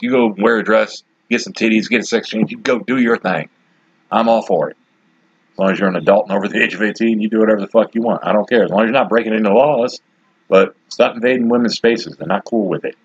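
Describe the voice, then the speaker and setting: Podcast host, male, 40s: blunt and rambling, husky voice, dry close sound. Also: lowish voice, quick pace, no room sound, muffled recording. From Detroit, USA. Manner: rambling, blunt and opinionated, with frequent asides. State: has the hiccups. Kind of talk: casual solo commentary.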